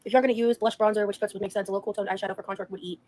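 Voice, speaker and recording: A woman's voice: medium pitch, steady tone, very fast, a little mellow, a little hiss or hum. A woman doing a casual makeup live stream, chatty and rambling to her viewers as she works.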